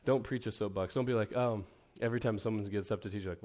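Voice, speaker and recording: A man with a low, slightly mellow voice talks fast while leading preachers in a loose teaching session at a camp meeting room. He keeps the tone conversational, belittles himself playfully, and keeps restarting his sentences.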